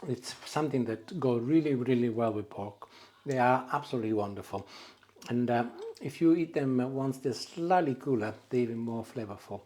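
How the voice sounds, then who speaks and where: A man hosting a casual cooking demonstration at home, chatting warmly and pausing often with "uh" fillers. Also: mid-range voice. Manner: warm, chatty, hesitant with frequent "uh" fillers. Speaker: cooking show host. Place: home kitchen. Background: food sizzling in a frying pan.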